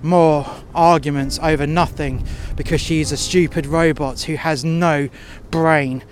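A man's voice: fairly high pitch, steady tone, slight background noise. Blunt, profane man outdoors. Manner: blunt and profanity-laden, slowing when tired. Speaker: storyteller recounting a workplace incident. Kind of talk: profane angry first-person storytelling. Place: outdoors in sub-zero cold.

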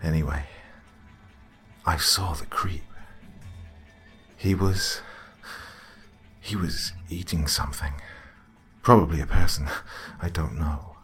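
A man's voice: extremely low pitch, steady tone, a bit bright, faint music behind, heavily acted. A man voicing a shaken, tearful teenage girl. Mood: frightened. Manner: halting, trailing off, fearful.

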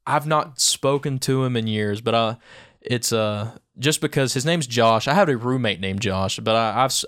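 A young man co-hosting a podcast, chatting casually and telling school stories with lots of laughter and slang. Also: mid-range voice. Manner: laughing storyteller, slangy, animated retellings. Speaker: podcast co-host. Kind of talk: casual chat.

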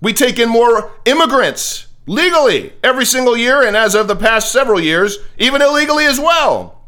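A man's voice: high voice, bright, forceful tone. Impassioned American man hosting commentary. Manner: impassioned, preachy, repeats words when starting a thought. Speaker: political commentary host. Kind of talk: opinionated monologue.

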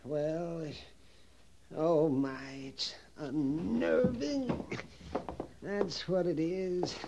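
A man's voice: on the high side, drawn-out words, vocal fry, warm tone, dull audio, slight background noise, exaggerated voice. An actor playing a fussy, nervous storekeeper at an army fort, fretful and theatrical, dropping his voice to whispers. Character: fussy nervous middle-aged male army-post storekeeper. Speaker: sutler running a fort canteen. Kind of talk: vintage TV western drama.

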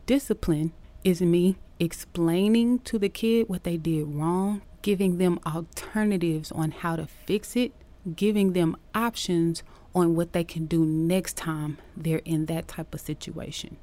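A woman hosting a podcast, talking casually about teaching and acting out lively quotes from her classroom. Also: fairly low pitch, measured pace. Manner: animated storytelling, acting out quotes.

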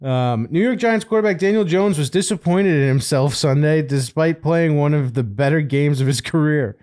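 A man's voice: on the high side, moderate pace, darkish tone. A man hosting a casual chat, swearing and joking in an offhand way while reading out news. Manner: profane, laughing, offhand banter. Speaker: host.

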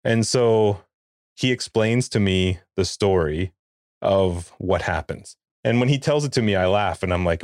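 A man's voice: sits low, a little slow, no echo, studio quality. A man in his forties, a podcast co-host, telling a funny family story in casual chat and acting out the quotes. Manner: animated storyteller, acts out quotes.

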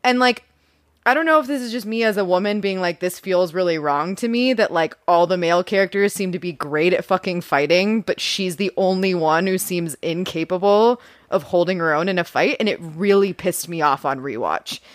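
A woman's voice: fairly low pitch, normal speed, no room sound. Woman, podcast co-host, emphatic and frank, dry close sound. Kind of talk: casual chat.

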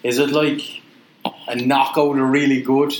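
A young British man co-hosting a podcast, easygoing and quick to laugh, often answering quietly. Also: mid-range voice, little pitch movement, background noise. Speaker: podcast co-host, quiz contestant. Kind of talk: casual banter. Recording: roomy sound with faint ambience.

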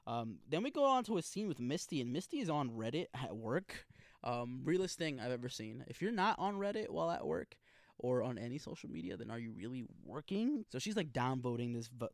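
A man's voice: mid-range voice, no room sound, clean studio sound. Profane young man recapping his notes. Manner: profane, slangy, emphatic. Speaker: TV episode reaction host. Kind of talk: casual recap reading from notes.

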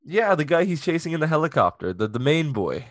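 A man co-hosting a podcast, chatting casually and excitedly about a TV episode, joking a lot and saying "like" often. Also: fairly high pitch, fairly quick, dry recording, clean studio sound. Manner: excitable and jokey, with many "like" fillers. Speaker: podcast co-host. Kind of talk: casual chat reviewing a TV episode.

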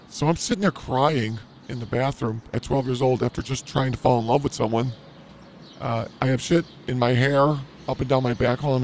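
A man's voice: medium pitch, gravelly, a little mellow, slight background noise. A man hosting a podcast, telling a crude story in a rambling, self-mocking comedic way. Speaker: podcast host.

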